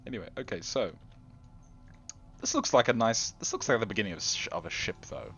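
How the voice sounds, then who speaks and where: Low-pitched, animated male gaming host; rambling, self-deprecating commentary straight to the viewer. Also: fairly quick. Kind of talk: casual gameplay commentary.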